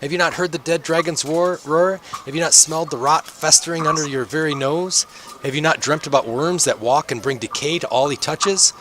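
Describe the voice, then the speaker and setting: A man voicing a hoarse, ranting street prophet who proclaims doom with a cracking voice. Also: on the high side, fairly bright tone, pitched above the performer's own voice, lightly acted. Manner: proclaiming, dramatic, drawn-out. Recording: noisy home mic.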